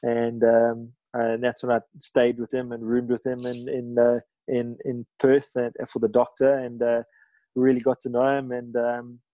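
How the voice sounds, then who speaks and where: A man's voice: mid-range voice, monotone, normal speed, warm tone, dry recording, low-quality recording. A middle-aged man telling a story in a rambling way, full of fillers and restarts. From South Africa. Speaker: guest, ocean ski paddler. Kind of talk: casual storytelling.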